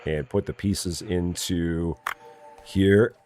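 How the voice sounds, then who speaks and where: A man streaming a game live, chatting casually and often muttering quietly to himself as he works. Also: deep voice, steady tone, slow, slight background noise. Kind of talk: casual live gameplay commentary.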